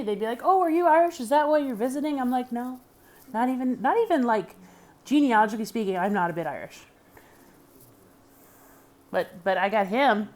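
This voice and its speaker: An American woman vlogging in casual chat, rambling, frank and chatty, hot and sweaty. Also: fairly high pitch. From United States. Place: indoors in Germany.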